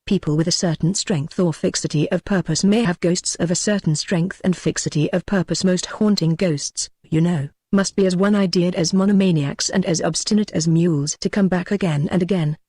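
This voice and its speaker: A man's voice: sits high, fairly even intonation, normal speed, few pauses, darkish tone, breathy edge, no room sound, studio quality. A man voicing an earnest clubman telling a ghost tale. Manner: earnest, confiding storytelling. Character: earnest gentleman telling of his ghost encounter.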